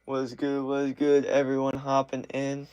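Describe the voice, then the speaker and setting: Young man from Florida, early twenties, relaxed and slangy livestream host, mid-pitched voice. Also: unhurried, smooth. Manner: laid-back, slangy, lots of filler. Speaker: livestream host answering chat questions. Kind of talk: casual livestream chat. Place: outdoors at night.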